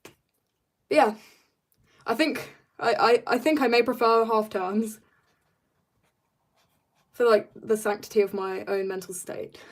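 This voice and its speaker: A teenage girl from South Africa, a little husky from being ill, rambling playfully as she greets viewers and chats while drawing on a live stream. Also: a little high, fairly even intonation, unhurried, long pauses. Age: teens. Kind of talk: casual live-stream chat.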